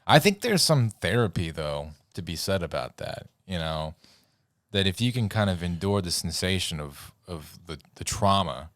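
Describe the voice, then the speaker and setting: A podcast co-host keeps the chat casual, laughing his way through rambling stories and losing his words at times. His low-pitched voice has lively intonation and a fairly bright tone at normal speed. The sound is clean studio audio without room sound.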